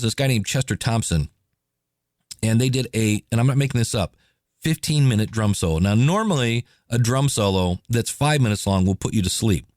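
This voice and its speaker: A man hosting a podcast, telling stories in a casual, animated way and acting out quotes. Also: mid-range voice, no room sound, studio quality. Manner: animated, chatty, acts out quotes. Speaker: podcast host. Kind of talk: casual solo podcast storytelling.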